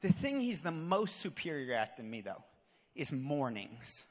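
A young adult man, a pastor, preaching with animated, jokey storytelling that builds to shouted exhortation. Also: on the high side, a little slow. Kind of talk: sermon with storytelling. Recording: long reverb of a large hall.

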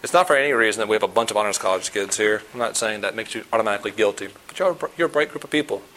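A man's voice: lowish voice, very fast, pushed and bright, low-quality recording. Earnest man preaching conversationally. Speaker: pastor. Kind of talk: sermon.

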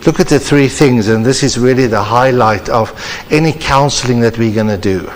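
Male preacher, earnest and deliberate, reverberant church hall. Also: mid-range voice. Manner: earnest, measured, preacherly emphasis. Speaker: conference speaker. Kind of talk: sermon.

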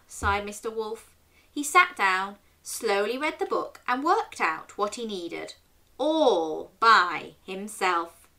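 A woman in her thirties hosting a children's story show, reading a picture book aloud and asking the young listener questions. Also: medium pitch. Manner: animated, asks the listener questions and waits for answers.

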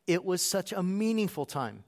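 A man's voice: high-pitched, sing-song, normal speed, a little mellow. A man preaching a sermon as a pastor, in a conversational storytelling way.

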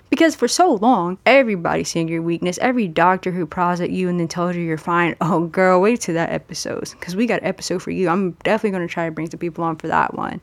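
A woman hosting a solo podcast, talking candidly in a casual conversational way, speeding up and slowing down for emphasis. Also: fairly low pitch, dry recording. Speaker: podcast host.

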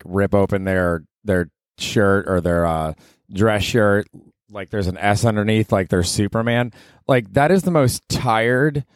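A man in his forties with a low voice, rambling through a profane, self-mocking comedy monologue as a podcast host. He sounds close and dry, recorded in a small apartment. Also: a little mellow, no room sound. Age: 40s.

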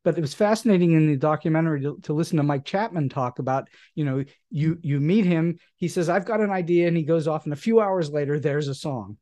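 A man hosts an interview, asking curious, probing questions that ramble a little. His tone is mellow and warm, fairly high for a man. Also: fairly quick, few pauses. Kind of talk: conversational interview.

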